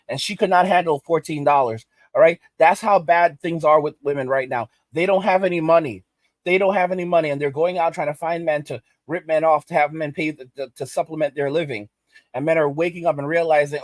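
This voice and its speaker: A man's voice: fairly high pitch, brisk, dry recording. Indignant man ranting, dry sound. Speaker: commentary host. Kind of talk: ranting video commentary.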